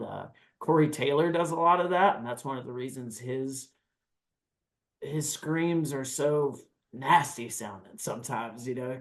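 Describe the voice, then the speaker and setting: A man on a podcast breaking down screaming techniques in a casual, animated way, now and then demonstrating growls and screams. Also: mid-range voice. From United States. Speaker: guest vocalist. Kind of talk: podcast interview, explaining vocal technique.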